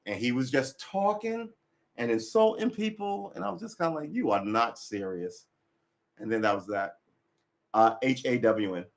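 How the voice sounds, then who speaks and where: A man talks loosely to his livestream audience, jumping between thoughts. He is blunt and opinionated, curses casually and laughs often. His pitch sits in an ordinary middle range. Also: big pitch swings, moderate pace, gravelly. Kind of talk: casual rambling chat.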